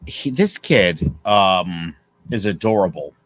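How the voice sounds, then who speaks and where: A man co-hosting a casual podcast, telling animated stories. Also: deep voice, slow pace. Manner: animated storyteller who acts out dialogue. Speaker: podcast co-host.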